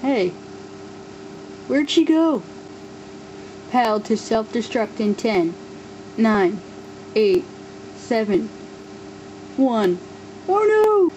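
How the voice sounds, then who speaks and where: A woman's voice: on the high side, drawn-out words, long pauses, mellow, muffled recording, slight background noise. A woman voicing all the figures of a homemade toy war story, switching playfully between characters. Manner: playful, voices many toy figures in turn. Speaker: amateur stop-motion voice performer. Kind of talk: kid-style toy play acting.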